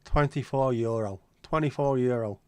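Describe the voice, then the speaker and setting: A man's voice: medium pitch, normal speed, darkish tone, smooth, dry recording. A man hosting a casual livestream, chatty and joking as he answers viewer comments. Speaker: livestream host.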